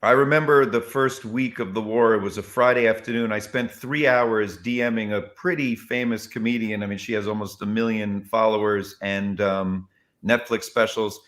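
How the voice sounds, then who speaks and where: A man, a comedian, telling stories in an interview with emphatic, expressive delivery that acts out quotes. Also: on the low side, moderate pace. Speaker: comedian guest. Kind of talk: animated interview storytelling.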